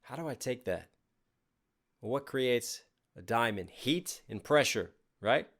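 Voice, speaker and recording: A man's voice: mid-range voice, lively intonation, unhurried, fairly bright tone. A man hosting a music reaction channel, chatting casually and eagerly picking apart the lyrics as he thinks aloud.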